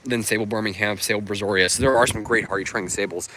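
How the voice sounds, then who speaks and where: A man's voice: fairly low pitch, fairly even intonation, fast talker, pushed and bright, slight background noise. Upbeat man chatting on a livestream. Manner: upbeat and chatty, with many fillers. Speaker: livestream host. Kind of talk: casual livestream chat answering viewer comments. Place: outdoors on a sunny coast.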